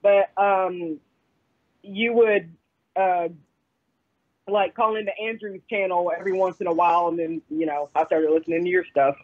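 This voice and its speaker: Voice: mid-range voice, steady tone, normal speed. A caller with a Kentucky accent speaks hesitantly, leaning on fillers and little giggles. The voice comes through a muffled, dull-sounding phone line. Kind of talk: casual phone chat.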